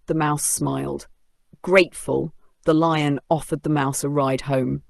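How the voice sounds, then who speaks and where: A storyteller narrating an animated children's story in an expressive way. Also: mid-range voice, normal speed, creaky, no echo, studio quality.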